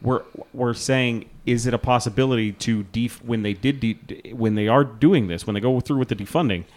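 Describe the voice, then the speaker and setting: A man's voice: medium pitch, moderate pace. A man co-hosting a casual podcast, arguing heatedly and swearing freely, with a Texan accent. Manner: animated, argumentative, swears freely. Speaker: podcast co-host.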